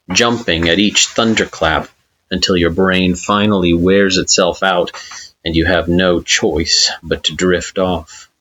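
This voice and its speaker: A man reading a fan-fiction story aloud with slow, expressive narration. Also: low-pitched. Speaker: story reader.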